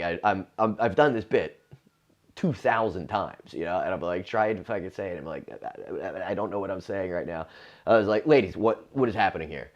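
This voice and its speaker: A man's voice: deep voice, dull audio. A man in his forties, a comedian, telling a loose, profane story with lots of restarts in a casual monologue. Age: 40s. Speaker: comedian and podcast host.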